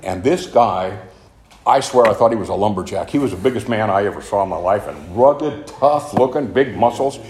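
A man's voice: lowish voice, lively intonation, moderate pace, darkish tone. An older man telling his own story at a recovery meeting, earnest and rambling. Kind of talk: personal testimony talk. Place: meeting room of a club. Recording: echoey room, faint noise.

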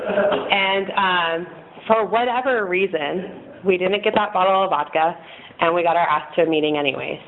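At a recovery meeting, a woman in her thirties with a fairly low voice speaks at a moderate pace. Her testimony to the group is frank and rambling, and she often laughs at herself. The recording sounds tinny, like a phone, with faint noise.

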